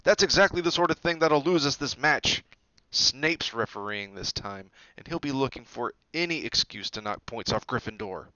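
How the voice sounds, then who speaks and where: A man voicing a stern teenage team captain who yells commands in a storybook reading. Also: fairly low pitch, animated, normal speed, hardly any pauses, smooth, no echo, muffled recording. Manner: shouting, commanding.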